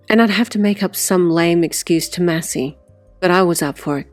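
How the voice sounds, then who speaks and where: Lower-voiced woman narrating wryly. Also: fairly even intonation, moderate pace, a little mellow, dry recording, soft background music. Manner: conversational, wry asides. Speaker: audiobook narrator. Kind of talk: first-person storybook narration.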